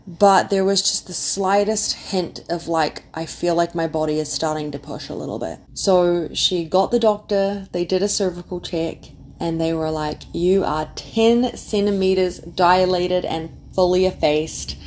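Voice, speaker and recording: Young woman, lower voice, casual vlog storytelling, lots of fillers. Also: moderate pace, few pauses, slight background noise. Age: young adult. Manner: chatty, animated, many "like" fillers. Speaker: vlogger telling her birth story.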